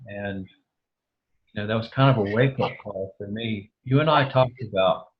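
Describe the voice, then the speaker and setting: A man's voice: lowish voice, moderate pace, lo-fi sound. A man being interviewed over a video call, speaking hesitantly with many restarts and fillers. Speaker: interview guest.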